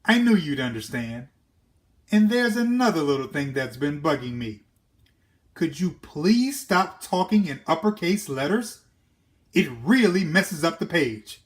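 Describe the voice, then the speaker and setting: A man's voice: on the high side, very animated. A man doing cocky, brash storybook Jack. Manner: brash, quick and fussy. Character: cocky boy Jack, fast-talking and pushy. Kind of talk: children's storybook read-aloud.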